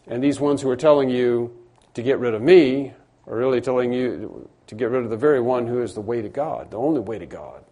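A man's voice: mid-range voice, brisk, warm tone. A middle-aged man preaching a sermon, explaining a passage earnestly and often repeating words for emphasis. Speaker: pastor.

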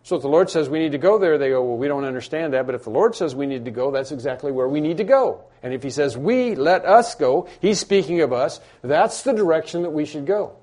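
A man preaching to a congregation in a mellow, darker voice that sits a touch high. He speaks with emphasis, repeats key phrases and acts out imagined back-and-forth dialogue. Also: expressive, fast talker, few pauses. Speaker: pastor. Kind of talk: sermon. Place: church room with congregation.

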